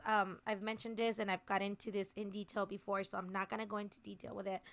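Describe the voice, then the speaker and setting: A woman in her thirties hosting a casual motivational talk, speaking earnestly and encouragingly straight to her listeners. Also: mid-range voice. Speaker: podcast host.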